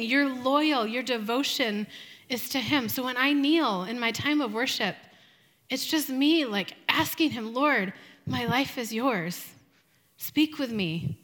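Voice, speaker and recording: Young female speaker, earnest and unhurried, high-pitched; devotional group talk. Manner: soft, slow, earnest, with reflective pauses.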